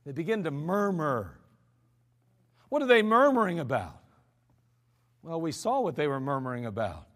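American pastor, man; high pitch, conversational sermon with animated quotes, long church reverb. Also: normal speed, pauses often. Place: church sanctuary.

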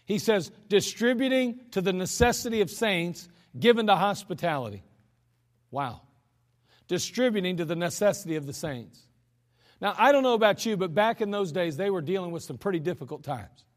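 High-pitched preacher man, folksy and emphatic, echoing in a church hall. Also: expressive, normal speed. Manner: folksy, chuckling asides, emphatic scripture reading. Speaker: pastor. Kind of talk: sermon. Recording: long hall reverb.

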